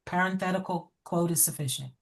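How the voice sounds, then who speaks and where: A woman's voice: on the low side, brisk, vocal fry. Direct, encouraging woman teacher on a call. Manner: direct, encouraging, laughs often. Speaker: educator. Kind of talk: online class feedback. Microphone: video call.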